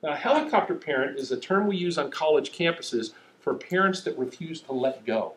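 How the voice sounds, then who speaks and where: A man's voice: on the high side, brisk, a little hiss or hum. Storytelling preacher man in an echoey hall. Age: middle-aged. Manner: storytelling, animated and self-mocking. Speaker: pastor. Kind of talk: sermon.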